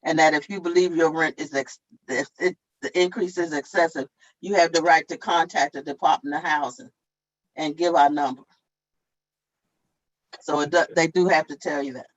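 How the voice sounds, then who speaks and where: A woman's voice: deep voice, fairly even intonation, normal speed, highs cut off. Woman plainly explaining renter rules. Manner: plain, repetitive, step-by-step explaining. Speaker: tenant advocate. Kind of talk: explaining tenant law at a town hall.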